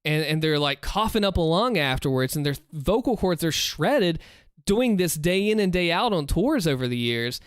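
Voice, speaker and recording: A man's voice: on the high side, sing-song, moderate pace, clear, resonant tone, no echo, clean studio sound. A man casually chatting on a live stream, answering viewer questions with earnest, rambling advice and frequent restarts, speaking into a desk microphone at home. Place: home room, seated in a chair.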